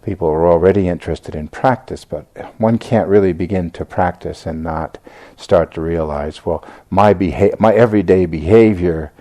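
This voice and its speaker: An older American man giving a reflective dharma talk, speaking haltingly with many fillers and restarts. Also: deep voice, dark tone. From United States. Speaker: Buddhist teacher giving a talk.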